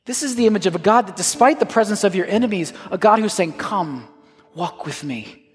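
A man leading his congregation as pastor, preaching and guiding communion in an earnest tone that moves between raised emphasis and hushed prayer. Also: sits high, fast. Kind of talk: sermon and communion liturgy. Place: church sanctuary. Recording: long hall reverb with soft guitar.

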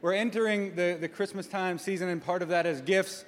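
Male pastor with a light, fairly high voice, playful and animated at the pulpit; large hall with a long reverb. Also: brisk. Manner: playful, acts out voices for effect. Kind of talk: church announcement talk. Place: church sanctuary.

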